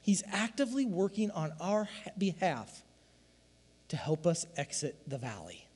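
A man preaching a sermon as a pastor, swinging from loud emphatic lines to hushed, quiet asides. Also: high voice, sing-song, measured pace, breathy edge, in a large hall.

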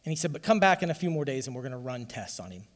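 A man preaching a sermon to his church, telling a personal testimony in an emotional, emphatic way that swells to loud emphasis. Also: medium pitch, very animated, very fast, in a large hall. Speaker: pastor.

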